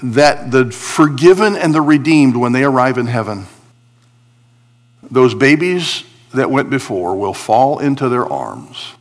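A man preaching a sermon, swinging between emphatic high points and a quiet confiding tone as he explains Hebrew words from scripture. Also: a little slow. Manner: animated preaching, rising for emphasis, dropping to a confiding hush. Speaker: pastor.

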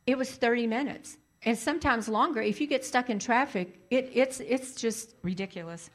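A woman telling a personal story in a casual, animated way, repeating lines for emphasis. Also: a little high, normal speed.

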